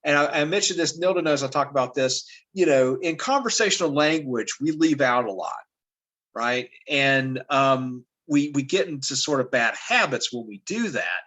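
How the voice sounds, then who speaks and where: A man teaches a class in a relaxed, conversational way, peppering his explanations with fillers and quick "right?" checks. His voice sits at an ordinary middle pitch. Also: rough recording. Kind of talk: casual classroom teaching over a lesson video.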